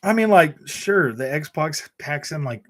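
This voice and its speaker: A man's voice: on the high side, expressive, measured pace. A man hosting a gaming channel, chatting casually on a live stream in a sarcastic, mocking way and saying "man" and "bro" a lot.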